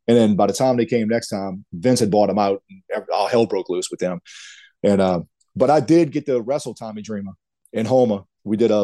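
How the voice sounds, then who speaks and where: A middle-aged Louisiana man, a retired wrestler appearing as a guest, tells long, rambling stories in an interview. His fairly low voice is warm and mellow, and he comes across casual and animated, dropping plenty of "man" and "dude." The recording is dry.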